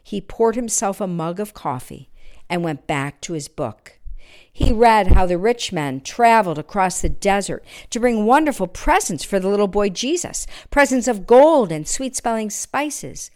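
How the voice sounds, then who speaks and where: A woman reading a Christmas story aloud, expressive, sometimes dropping to a near-whisper. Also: mid-range voice, normal speed.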